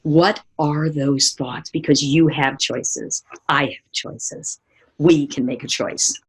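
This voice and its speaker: A middle-aged woman speaker giving a motivational seminar talk, telling lively stories and asking the audience direct questions. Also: low voice, slow pace, husky. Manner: animated storytelling, acting out remembered voices.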